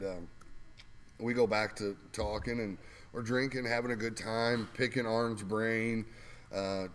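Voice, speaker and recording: A man's voice: fairly low pitch, slight background noise. A man casually telling rambling, laughing anecdotes as a guest co-host, with lots of fillers. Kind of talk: casual storytelling.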